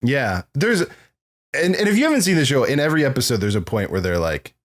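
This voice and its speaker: A man's voice: medium pitch, big pitch swings, fast. A man co-hosting a podcast, chatting casually and rambling through stories about films, laughing often. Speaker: podcast co-host.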